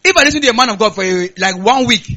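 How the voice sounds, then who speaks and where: A man's voice: sits high, lively intonation, fast, sharp tone, low-quality recording. A man with a Nigerian accent preaching a sermon on stage, repeating his points and asking the audience to answer back. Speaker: pastor. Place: church hall, on stage.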